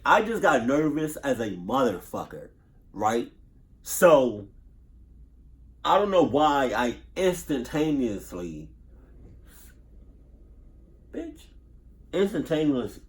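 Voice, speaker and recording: A man doing casual reaction commentary, nervous, profane and rambling, repeating himself as he stutters over his words. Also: medium pitch. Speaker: reaction youtuber.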